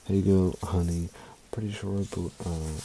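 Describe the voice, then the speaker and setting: Low gravelly rambling male vlogger. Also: steady tone, measured pace, dark tone, slight background noise, rough recording. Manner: rambling, emotional, swears often. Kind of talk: casual chat.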